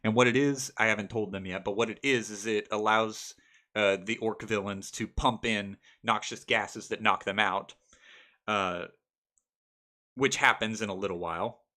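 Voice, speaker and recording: Bright-voiced young man telling game stories. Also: fairly low pitch, moderate pace. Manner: animated, laughs often, acts out characters. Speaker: game master telling a story. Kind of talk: casual storytelling vlog.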